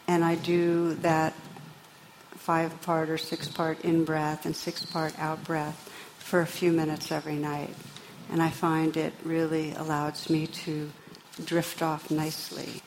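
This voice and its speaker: A woman meditation teacher giving a talk to a live audience, gentle and unhurried, telling stories warmly. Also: low-pitched, slight background noise, low-quality recording.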